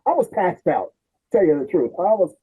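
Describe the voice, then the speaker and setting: An older man tells a long, animated story on a podcast, with a high voice that swings widely as he acts out relatives. His tone is husky, and the sound is thin and tinny, like a phone line. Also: normal speed. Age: 60s. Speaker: podcast host. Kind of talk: storytelling in casual chat.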